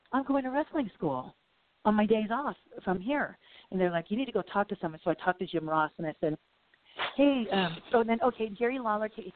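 A middle-aged woman, a guest in a casual interview, telling long rambling stories full of "you know" and acted-out quotes. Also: mid-range voice. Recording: phone-like audio.

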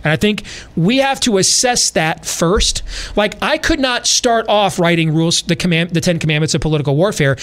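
A man hosting a podcast, talking in an animated, repetitive way and building his point through sports and war analogies. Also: high voice, moderate pace. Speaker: podcast host. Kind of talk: casual podcast talk.

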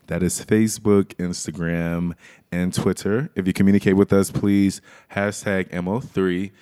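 Deep-voiced laid-back young man co-hosting. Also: flat delivery, unhurried, warm tone, smooth. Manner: laid-back, laughs often, drawls when reading out details. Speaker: podcast co-host. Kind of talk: casual chat.

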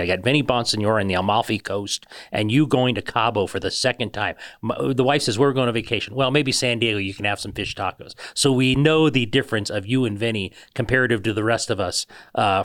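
A man's voice: lowish voice, a bit bright. A man hosting a sports podcast, teasing his co-host and setting up his story in casual chat. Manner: teasing, sets up the guest's story.

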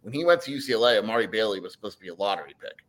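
A man co-hosting a sports podcast, joking around and pitching hot takes in casual chat. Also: rapid-fire. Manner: animated, jokey hot takes. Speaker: podcast co-host.

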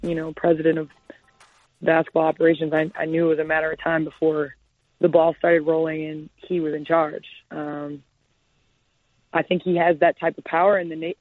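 A woman guest answering interview questions in a measured way, with some hesitant restarts. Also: low-pitched, no room sound. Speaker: guest athlete. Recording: tinny phone line.

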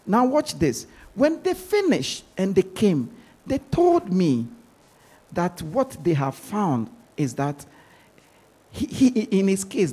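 Brief: husky male pastor, high and lively voice, emphatic sermon delivery. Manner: emphatic, repeats words while pressing a point.

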